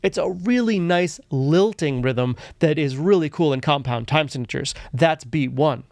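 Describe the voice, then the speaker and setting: A man's voice: fairly high pitch, measured pace, a little mellow, no room sound, clean studio sound. A man teaching a music lesson, explaining things methodically and step by step. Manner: methodical explaining, chants rhythm syllables. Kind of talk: instructional video lesson.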